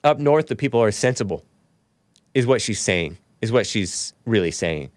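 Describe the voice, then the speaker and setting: A man's voice: fairly low pitch, animated, moderate pace, no echo. Sarcastic male host, solo commentary, dry close-mic studio sound. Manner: sarcastic, mocking asides, laughs at own remarks. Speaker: talk show host. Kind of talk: solo commentary, reading news aloud with asides.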